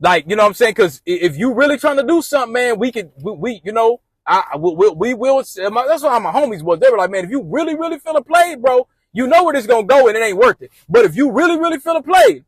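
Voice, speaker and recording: A man with a high-pitched voice tells a personal story in loose, slang-filled talk. He rambles and repeats himself, and he acts out his friends' advice in quotes. The sound is close and dry, with no room echo. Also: expressive, fast, hardly any pauses, husky. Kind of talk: casual storytime monologue.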